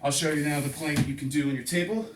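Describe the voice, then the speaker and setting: A man's voice: a little high, steady tone, quick pace, slight background noise. A man coaching a home workout, counting reps and explaining exercises, a bit out of breath as he works out along. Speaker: fitness coach. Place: home room with table and couch. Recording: echoey room, distant mic.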